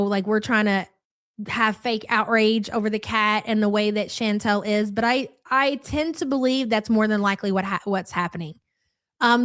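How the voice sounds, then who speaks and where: Female live-stream reaction host, high-ish voice, dry close sound, sarcastic and blunt. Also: fairly bright tone, dry recording. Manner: sarcastic, blunt, calls viewers "hun". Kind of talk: casual live commentary, reading viewer chats.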